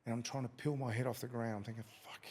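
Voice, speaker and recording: Here a former fighter, a middle-aged Australian man, is the guest in a podcast interview, casually recounting a story full of swearing and acted-out quotes. The delivery is flat and quick, in a mid-range voice that's a little mellow with a breathy edge.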